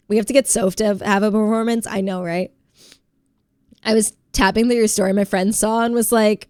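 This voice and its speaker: A woman's voice: a little high, fairly even intonation, fairly quick, darkish tone, clear, resonant tone, no room sound, studio quality. A woman streamer with a stuffy head cold, chatting casually and giggling as she reads her chat.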